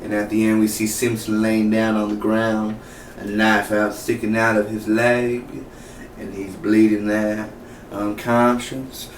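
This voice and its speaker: A man's voice: lowish voice, a little slow. Rambling man recapping a TV episode. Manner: rambling, animated, acts out characters' lines. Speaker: TV reviewer. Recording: roomy, distant from the mic, faint noise.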